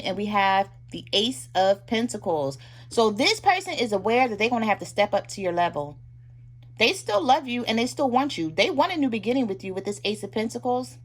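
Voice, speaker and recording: This tarot reader speaks at a medium pitch, and a slight hiss or hum runs under the recording. Chatting casually with her viewers, she voices each partner's side of the relationship in rapid little asides.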